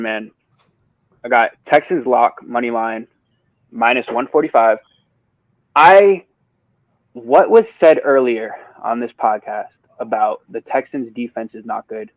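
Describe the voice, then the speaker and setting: A man's voice: medium pitch, a little slow, dry recording, lo-fi sound. A man giving sports betting picks on a podcast, ranting and swearing, then apologizing for it. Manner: ranting, profane, apologetic asides. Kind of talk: casual sports betting talk. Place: a different place than usual.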